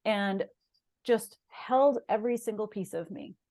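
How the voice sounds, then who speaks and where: A middle-aged woman, a shaman and massage therapist, appears as a guest on an interview show and earnestly tells a personal story in casual conversation. Her voice is mid-range, unhurried and a little mellow.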